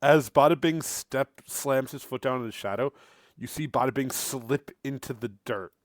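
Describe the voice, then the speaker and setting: A man narrating as game master of a tabletop role-playing game in a lively, animated way. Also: mid-range voice, normal speed, no room sound, studio quality.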